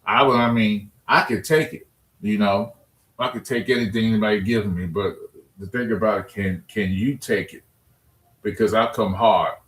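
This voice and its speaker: A man live-streams from his computer at home in an echoey room, reading chat, joking loosely and trash-talking with viewers. His voice is fairly low and steady, fairly bright in tone, at a normal speed.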